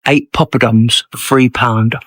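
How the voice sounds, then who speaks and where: A man's voice: mid-range voice, steady tone, moderate pace, fairly bright tone, dry recording, low-quality recording. A man vlogging in supermarket aisles, cracking wry jokes and puns about prices and laughing at his own lines. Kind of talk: joking supermarket vlog.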